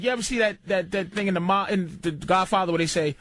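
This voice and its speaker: A man's voice: sits high, fairly even intonation, a little fast, a bit bright. A man, a comedian guest-hosting a radio show, telling stories in loose, profane banter. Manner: loose, profane, laughing storyteller. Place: radio studio.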